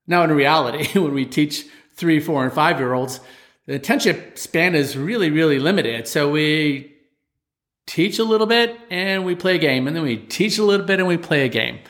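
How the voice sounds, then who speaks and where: Male martial arts instructor, animated storyteller, higher-pitched, lively delivery. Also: moderate pace. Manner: animated storyteller, acts out voices of children and parents. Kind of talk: storytelling talk.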